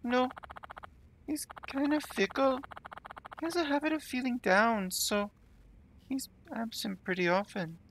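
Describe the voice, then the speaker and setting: A woman's voice: on the high side, measured pace, pauses often, a little hiss or hum, rough recording. A woman doing a shy, hesitant young writer. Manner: hesitant, slightly embarrassed.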